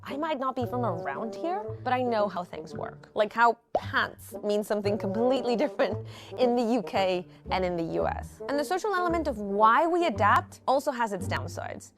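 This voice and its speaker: Give me a woman host giving clear, playful scripted narration for an explainer. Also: a little high, animated, normal speed. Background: background music.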